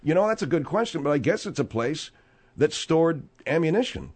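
A man's voice: a little high, big pitch swings, fairly quick, darkish tone. Rambling, jokey man hosting a radio show. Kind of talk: casual radio banter.

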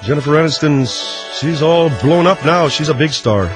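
A man's voice: fairly high pitch, moderate pace, loud music behind the voice, close to an everyday voice. A man voicing a dim, folksy male newsman with a Canadian accent who rambles through gossip in a radio comedy bit. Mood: rambling.

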